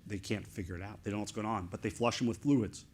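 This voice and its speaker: A middle-aged man, an author speaking as an interview guest, telling a story in excited, animated bursts of short fragments. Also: lowish voice, fast talker, slight background noise.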